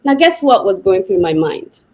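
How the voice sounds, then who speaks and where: A woman psychotherapist, a podcast guest, telling a personal story in a lively, vivid way. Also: mid-range voice, normal speed, rough recording. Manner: animated, vivid retelling with laughs.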